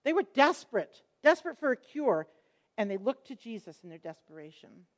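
Expressive, fairly high-voiced woman Bible teacher. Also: brisk. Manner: expressive storytelling, acts out quotes.

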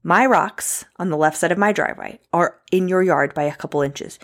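A woman's voice: deep voice, a little fast, hardly any pauses. A young adult woman hosting a podcast, telling a story in a casual way and acting out the voices she quotes. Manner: animated, acts out quoted voices. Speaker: podcast host.

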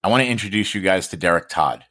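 Deep-voiced casual podcast host. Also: male voice, animated, fast, sharp tone. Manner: loose, chatty, swears casually.

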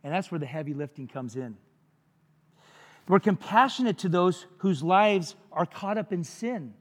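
A man's voice: high-pitched, animated, measured pace, long reverb tail. A man preaching a sermon as pastor, conversational and jokey, with frequent asides to the congregation.

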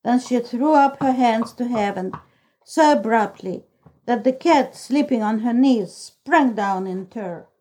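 A woman reading a novel aloud as audiobook narrator, in a measured, even manner. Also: on the high side, poor audio. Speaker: audiobook reader. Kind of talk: scripted storybook narration.

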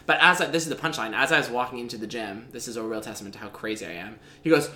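A man in his twenties, co-hosting a podcast, telling a story in a lively way with lots of laughter. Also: mid-range voice, quick pace, hardly any pauses. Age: 20s. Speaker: podcast co-host. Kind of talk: casual storytelling chat. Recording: echoey room, faint background noise.

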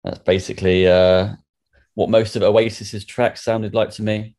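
A man's voice: on the low side, flat delivery, measured pace, darkish tone. A man hosting a comic game show with dry, wry remarks. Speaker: quiz host.

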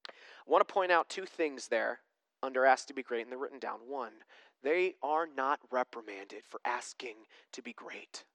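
A pastor giving a sermon in a conversational way, asking the congregation questions and swinging between emphatic preaching and hushed tones. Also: medium pitch, lively intonation, moderate pace, dry recording.

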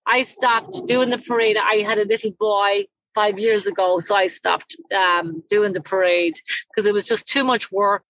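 An Irish woman with a mid-range voice talks in a lively, blunt way, swearing freely as she chats. The sound is dry, with no room around it. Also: medium pitch, moderate pace, no room sound, rough recording. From Ireland, County Cavan. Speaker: parade emcee and salon owner. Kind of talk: casual interview chat.

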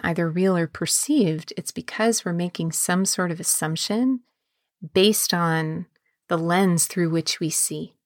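A woman podcast host and embodiment coach, speaking in a calm, measured way and slowing down on key words. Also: lowish voice, no room sound, studio quality. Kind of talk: podcast monologue.

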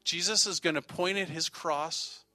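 A man's voice: a little high, steady tone, a little slow, pushed and bright, dry recording, soft background music. A man preaching a sermon as pastor, speaking in repetitive, rhythmic phrases.

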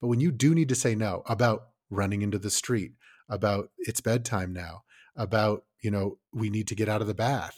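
A man's voice: on the low side, moderate pace, breathy edge. A man co-hosting a casual parenting podcast, talking loosely and swearing, often acting out what a parent and a kid would say. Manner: animated, swearing, acts out parent and kid lines. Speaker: podcast co-host.

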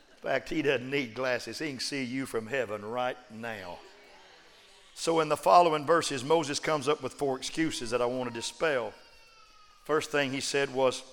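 A man preaching a sermon, joking one moment and shouting emphatic refrains the next. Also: mid-range voice, moderate pace, some chatter behind. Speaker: pastor. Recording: long reverb of a large hall.

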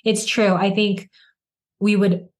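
Woman, forties, casual podcast chat, animated storyteller, mid-pitched voice. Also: takes it slowly. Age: 40s. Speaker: podcast co-host.

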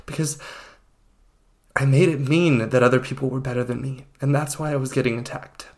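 A man's voice: mid-range voice, steady tone, brisk, a little mellow. A man hosting a podcast, talking without a script in an earnest, emphatic way and calling his listeners friends. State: getting emotional. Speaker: podcast host. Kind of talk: unscripted heartfelt monologue.

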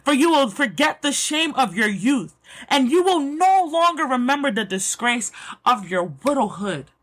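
A woman delivers a fired-up devotional pep talk, hammering the same lines again and again. Her voice is on the higher side and a little breathy. She reads scripture aloud and then prays, and her excitement keeps spilling over. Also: moderate pace. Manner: emphatic, excitable and repetitive. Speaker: Christian motivational speaker.

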